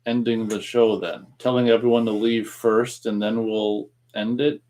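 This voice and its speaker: A man's voice: lowish voice, little pitch movement, a little slow, a little mellow. A man co-hosting a casual live radio-style stream, reading viewers' comments aloud and chuckling between them. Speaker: co-host.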